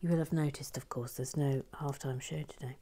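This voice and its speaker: A woman hosting a Lego build channel, reading viewer comments playfully and whispering softly while building. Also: a bass voice, steady tone, brisk, slight background noise. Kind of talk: casual chat and soft whispered building commentary.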